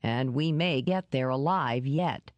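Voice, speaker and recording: A woman reading an audiobook, voicing a gruff, wary man who talks in curt, dry lines. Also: mid-range voice, unhurried, dry recording, lightly acted.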